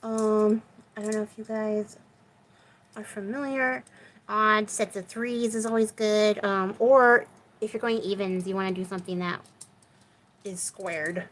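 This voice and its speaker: A woman's voice: mid-range voice, steady tone, unhurried, low-quality recording. A woman hosting a crafting video, chatting casually and with self-deprecating humor as she works in her home craft room. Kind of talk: casual crafting chat while working.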